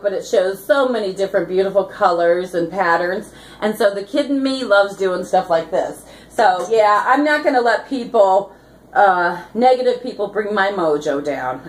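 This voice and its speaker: Woman vlogger, fiery rant style with rhymes and giggles, mid-pitched voice in a roomy space. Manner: fiery, ranting, rhyming catchphrases, giggly. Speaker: activist vlogger. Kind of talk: rambling vlog monologue.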